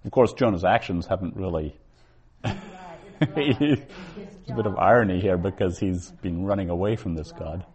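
A man teaching a Bible Hebrew class, explaining slowly, word by word. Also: low-pitched, a little mellow. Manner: slow, deliberate, word-by-word explaining. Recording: dull lo-fi recording.

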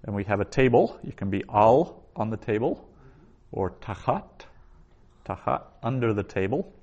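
A man teaching a Hebrew class, saying each vocabulary word twice and explaining it in a slow, deliberate lecture. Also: fairly low pitch, lively intonation, a little mellow, lo-fi sound.

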